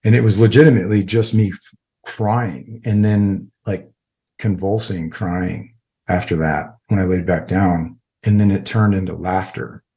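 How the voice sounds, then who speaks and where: A man's voice: low voice, steady tone, unhurried, dark tone. A middle-aged man, a military veteran, telling a personal story as a podcast guest in a rambling, casual way full of filler words.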